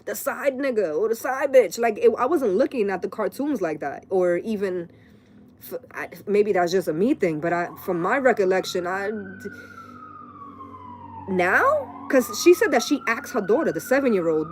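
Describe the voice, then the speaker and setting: Late-thirties woman, tarot reader, loose profane live-stream rambler, mid-pitched voice. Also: big pitch swings, normal speed, a little hiss or hum. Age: late 30s. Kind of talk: casual live-stream rant.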